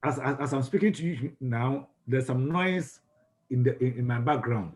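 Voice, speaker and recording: A man with a Ghanaian English accent teaches a class on communication. His voice sits at an ordinary middle pitch. He keeps repeating and restarting words, and he stops to ask his listeners questions. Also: normal speed, darkish tone, a little hiss or hum. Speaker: lecturer.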